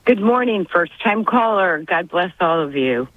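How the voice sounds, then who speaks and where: A woman's voice: on the low side, animated, unhurried, no room sound. A woman calling in to a radio show, speaking in a heartfelt, tearful, rambling way. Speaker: caller. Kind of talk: call-in radio conversation. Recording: muffled dry phone line.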